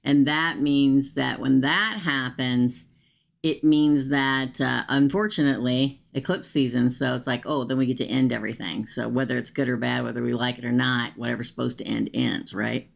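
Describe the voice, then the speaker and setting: Low-voiced woman reading tarot live. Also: steady tone, normal speed, gravelly. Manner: chatty, thanks viewers, talks to herself while pulling cards. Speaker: tarot reader.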